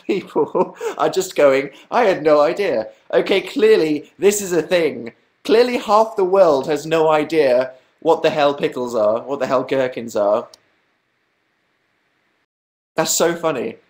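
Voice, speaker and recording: A man's voice: fairly high pitch, unhurried. Rambling young man livestreaming. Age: young adult. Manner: rambling, self-mocking, reads chat aloud. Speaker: livestream host. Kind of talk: casual livestream chat.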